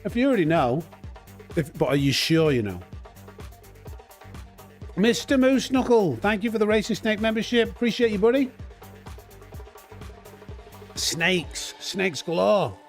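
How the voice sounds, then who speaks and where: A man's voice: high voice, lively intonation, measured pace, long pauses, soft background music. A man chatting casually on a live sim racing stream, reading out viewer names and thanking them. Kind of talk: live gaming stream chat.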